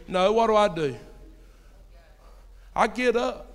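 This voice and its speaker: A high-voiced young pastor with a drawl preaches in a church sanctuary. He tells folksy stories and swings between hushed asides and shouted points. A long hall reverb trails every phrase. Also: slow pace. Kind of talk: sermon.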